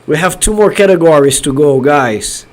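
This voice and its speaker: A man from Brazil hosting a live watch-party stream from his home studio, shouting elated cheers between chatty remarks. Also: a little high, animated, normal speed. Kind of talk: excited live-stream chat.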